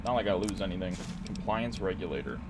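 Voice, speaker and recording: A man's voice: deep voice, animated, fast, heavy background noise. A young Canadian man giving casual, sweary, joking let's-play commentary. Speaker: gaming video host.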